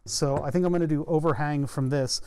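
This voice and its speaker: A man's voice: fairly high pitch, fairly even intonation, a little fast, darkish tone, clear, resonant tone, no echo. A man live-streaming while he solders and repairs a circuit board, thinking aloud in a rambling, casual way with self-deprecating asides. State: hiccuping and burping. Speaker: streamer building electronics.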